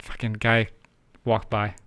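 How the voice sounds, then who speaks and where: A man's voice: on the low side, completely flat delivery, slow pace, a bit bright, clean tone. A middle-aged man, co-hosting a casual podcast and telling a personal story, acting out the voices he remembers. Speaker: podcast co-host. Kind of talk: casual chat.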